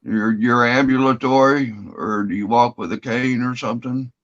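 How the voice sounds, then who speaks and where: A man's voice: mid-range voice, fairly even intonation, normal speed, a bit bright. A man telling a long story in casual chat, rambling and swearing freely. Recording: dull lo-fi audio.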